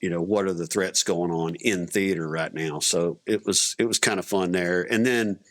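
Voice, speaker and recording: A man's voice: sits low, fairly even intonation, normal speed. A middle-aged man, a veteran guest on a podcast, telling stories casually with many restarts and fillers. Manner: rambling, many restarts, acts out quotes. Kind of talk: casual storytelling interview.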